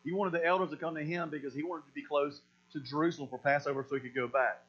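A man's voice: on the high side, fast. Pastor man preaching on a lo-fi recording. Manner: animated, acts out quoted voices, repeats words. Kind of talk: sermon. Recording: dull lo-fi recording with mains hum.

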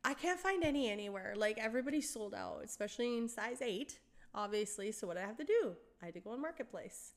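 A middle-aged woman telling a story in casual chat, animated, acting out quoted voices, laughing often and swearing. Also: fairly high pitch, fast.

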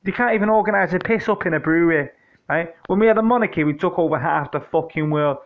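A British man talks off the cuff to his listeners in a fairly high voice, swearing often and wandering from point to point. He jokes and restarts his sentences as he goes. The recording sounds muffled and lo-fi. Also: fast. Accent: British English. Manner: profane, joking, meandering, with frequent restarts. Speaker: podcast host answering listener questions. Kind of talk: casual rambling monologue.

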